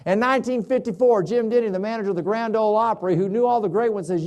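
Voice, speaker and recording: A man's voice: fast talker, a little mellow. Folksy man giving a seminar. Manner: storytelling, folksy, varies pitch widely for emphasis. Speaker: motivational speaker. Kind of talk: motivational seminar talk.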